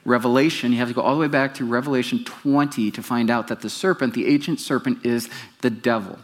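A man preaches to his congregation, retelling a Bible story with animation. He stops to put questions to his listeners and speeds up or slows down as the story goes. His voice sits at an ordinary middle pitch. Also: steady tone. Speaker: pastor. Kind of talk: sermon.

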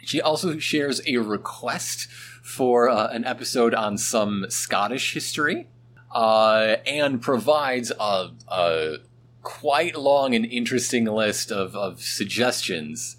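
A man co-hosting a podcast in casual chat, talkative and quick to laugh. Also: medium pitch, slight background noise. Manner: chatty, laughs often, lively. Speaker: podcast co-host.

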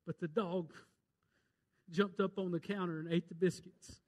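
A pastor preaching a sermon with fervent energy, quoting scripture and telling jokes, his delivery swinging from loud urgent calls to hushed pleas. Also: high voice, fairly even intonation, a little slow. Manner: tells jokes and quotes scripture.

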